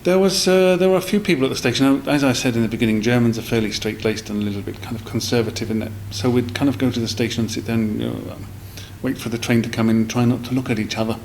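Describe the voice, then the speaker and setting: Gravelly-voiced man telling stories. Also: medium pitch, steady tone, fast talker, hardly any pauses, a little mellow, a little hiss or hum, poor audio. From South East London. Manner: rambling, with many fillers and restarts. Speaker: guest. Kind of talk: casual storytelling in a podcast interview.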